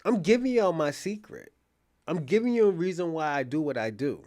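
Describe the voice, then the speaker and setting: This is a man hosting his own live-stream show, talking in a casual, unscripted way. His voice sits a little high for a man, and he speaks bluntly, often with profanity. He addresses a chat viewer by name and keeps restarting and repeating lines as he thinks out loud. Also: brisk. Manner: animated, repeats and restarts phrases while thinking aloud. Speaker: show host.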